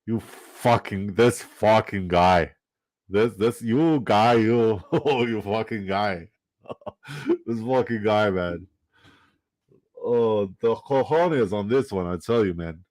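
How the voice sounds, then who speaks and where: Lowish-voiced guy streaming his fantasy draft, swearing a lot and laughing at the other drafters. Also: takes it slowly, a little mellow. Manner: profane, joking, laughs often, trash-talks other drafters. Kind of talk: casual live-stream chat while drafting.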